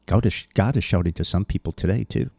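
A man delivers a sermon verse by verse, reading scripture and then pressing his points bluntly and earnestly. His voice sits low, with a dark, relaxed tone. The sound is close and dry. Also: quick pace, vocal fry, no echo. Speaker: preacher.

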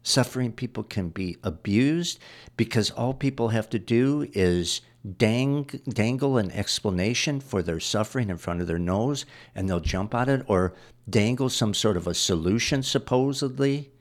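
A man's voice: fairly low pitch, expressive, normal speed. A man preaching a sermon, going through scripture verse by verse and driving points home with repetition. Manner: explains verses line by line, repeating phrases.

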